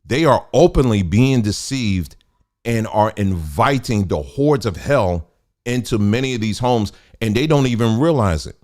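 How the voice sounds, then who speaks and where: A middle-aged man, hosting a casual livestream and talking in an animated, preachy, colloquial way. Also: lowish voice, unhurried. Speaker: host.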